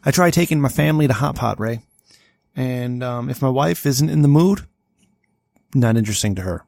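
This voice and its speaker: A man's voice: mid-range voice, moderate pace, vocal fry, no room sound, studio quality. A man co-hosting a podcast in casual chat, telling stories bluntly with some swearing. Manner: animated storyteller, blunt, profane. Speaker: podcast co-host.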